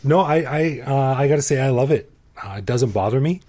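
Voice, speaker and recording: A man's voice: medium pitch, animated, a little fast, mellow. A man hosting a podcast, talking in an easygoing, playful way and laughing often. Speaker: podcast host. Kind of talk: casual conversational podcast chat.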